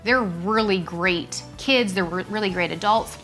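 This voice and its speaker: A woman in easy conversation as co-host, talking animatedly at a medium pitch. She slips into other voices when she quotes people. Faint music plays softly behind her. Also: measured pace. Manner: animated, acts out quoted speech in a shifting voice. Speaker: podcast co-host. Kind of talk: casual chat.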